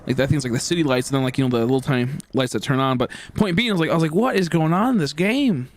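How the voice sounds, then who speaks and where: A man's voice: mid-range voice, rapid-fire. A man in his twenties telling a long story while streaming, rambling with many fillers and swearing. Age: 20s. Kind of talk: casual storytelling.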